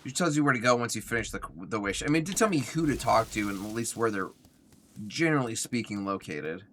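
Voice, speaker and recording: A man's voice: medium pitch, expressive, brisk, bright, forceful tone, faint music behind. A young man chatting casually while live-streaming a game, reading chat aloud and sounding a bit tired and yawny. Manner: chatty, reads chat aloud, talks to himself while playing. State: yawning, tired.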